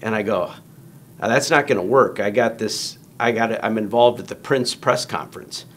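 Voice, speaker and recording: A man's voice: on the low side, moderate pace, a bit bright, slight background noise. A man telling a long story in casual conversation, acting out quoted lines in raised voices. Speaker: guest storyteller.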